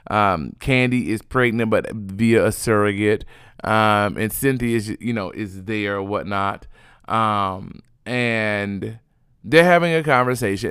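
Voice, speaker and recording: A man giving a sassy, chatty recap of reality TV gossip, animated and full of fillers, yawning now and then. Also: lowish voice, smooth, no echo, studio quality. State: sleepy, yawning.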